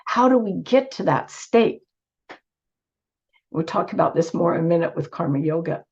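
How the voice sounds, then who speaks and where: A woman speaks with earnest emphasis in an online lecture, often restarting her sentences. Her fairly low voice sounds squeaky from a cold. The sound is dull and lo-fi, as over a video call. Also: lively intonation, moderate pace, darkish tone. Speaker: speaker giving a talk.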